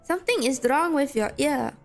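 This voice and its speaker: A woman's voice: sits high, expressive, normal speed, gravelly. Chatty woman streaming a game. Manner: chatty, rambling, reacts to chat with restarts and "like". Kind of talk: casual livestream chat. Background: game music.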